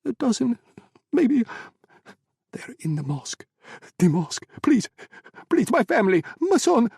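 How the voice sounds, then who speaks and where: A man's voice: extremely high pitch, sing-song, unhurried, gravelly, a little mellow, husky, no room sound, studio quality, pitched above the performer's own voice, full character voice. A man voicing a frightened middle-aged shop owner who stammers and begs for his family. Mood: pleading. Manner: stammering, begging.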